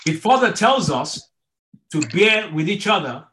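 A man's voice: high-pitched, lively intonation, measured pace, a bit bright, a little hiss or hum. A middle-aged man teaching an online marriage class as a pastor, earnest and repeating his words to stress each point. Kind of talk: online sermon-style teaching.

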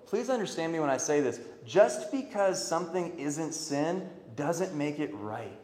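A man preaching a sermon, swinging from loud emphatic calls to quiet earnest pleas. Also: on the high side, animated, measured pace. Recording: echoey hall.

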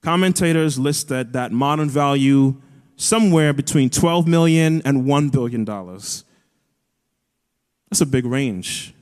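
A man's voice: medium pitch, a little slow, darkish tone. Earnest man preaching in a big hall. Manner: earnest, builds to raised emphatic peaks. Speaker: pastor. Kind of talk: sermon. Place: church auditorium. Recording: long hall reverb.

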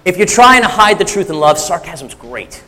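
A man's voice: high voice, big pitch swings, moderate pace, sharp tone, long reverb tail. A middle-aged man giving a candid, self-deprecating sermon as a church speaker, talking in a loose conversational way with frequent restarts. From three-quarters Sicilian heritage. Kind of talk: personal testimony sermon.

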